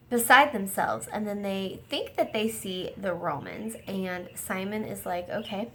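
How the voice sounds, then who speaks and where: A woman's voice: mid-range voice, a little hiss or hum. A woman hosting a casual home video discussion, earnest and enthusiastic, now and then acting out scenes in quoted voices. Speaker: host discussing a series.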